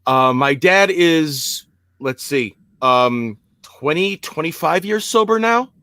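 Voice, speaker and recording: A man's voice: fairly high pitch, lively intonation, takes it slowly, pushed and bright, smooth, dry recording. A man in his forties tells his own story, hesitant and self-deprecating, with plenty of ums along the way. His voice sounds close and dry over a remote call mic. There is no room sound around him. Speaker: podcast guest. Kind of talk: personal story in casual chat.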